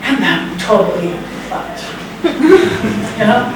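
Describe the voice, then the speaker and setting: A woman's voice: mid-range voice, very animated, slow pace. A woman in her sixties telling a true story on stage with wry, sarcastic, self-mocking humor. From United States. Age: 60s. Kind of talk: live personal storytelling. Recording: very echoey hall, distant mic, background noise.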